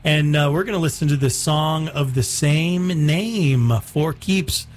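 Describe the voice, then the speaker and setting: A man's voice: a little high, a little slow, darkish tone, slight background noise. A man hosting a radio show, chatting casually and joking between songs. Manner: laid-back, jokey, laughs easily. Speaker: radio host.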